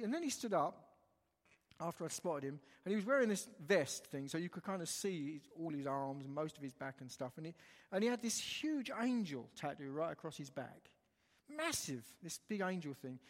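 A man preaching a sermon, telling a story animatedly and retelling the dialogue line by line. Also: fairly high pitch. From England. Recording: long hall reverb.

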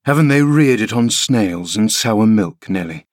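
A man's voice: on the low side, animated, unhurried, no room sound, clean studio sound. A man voicing a grim, scornful middle-aged man with a mocking, contemptuous delivery.

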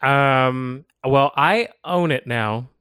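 A man's voice: mid-range voice, extremely slow, smooth, dry recording, clean studio sound. A man casually chatting about movies on a podcast, laughing often, swearing freely and acting out lines in put-on voices. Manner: animated, laughing storyteller who acts out quotes. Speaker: podcast co-host.

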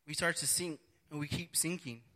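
A man's voice: a little high, normal speed, bright, forceful tone. A man preaching a sermon, earnest and repetitive, often restarting his phrases.

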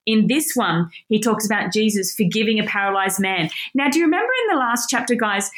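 A woman's voice: a little high, a bit bright. Chatty woman teaching a Bible passage. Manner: enthusiastic, chatty, self-correcting.

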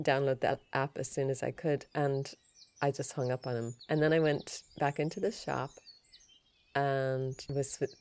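A woman hosting a yoga and Ayurveda podcast, telling a story in a chatty, animated way. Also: a bass voice, no room sound. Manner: chatty, animated retelling with laughs and restarts.

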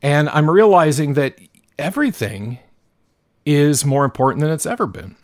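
A man's voice: a little high, animated, normal speed, darkish tone, dry recording, studio quality. A man hosting his own podcast, ranting in a profane, worked-up way with frequent stumbles and restarts. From Pacific Northwest of the US. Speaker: podcast host. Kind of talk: solo podcast monologue.

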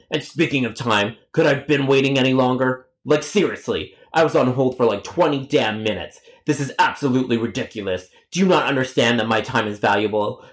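A man's voice: medium pitch, fairly bright tone, natural voice. A man voicing an impatient, rude grown man pizza customer who rants and talks smugly in a storytime cartoon. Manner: ranting, impatient, smug.

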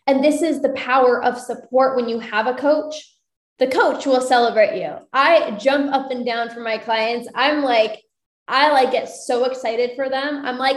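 A high-voiced woman talks like an upbeat coach, cheering her listeners on and repeating her key lines. She speaks on a live stream from an echoey room. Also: measured pace. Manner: upbeat, encouraging, repeats phrases. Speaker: binge eating coach.

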